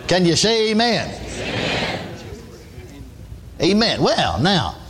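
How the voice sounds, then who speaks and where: A man's voice: sits high, huge pitch swings, takes it slowly, a bit bright. A man preaching a sermon in a folksy style, often exclaiming praise and asking for amens. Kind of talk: radio sermon.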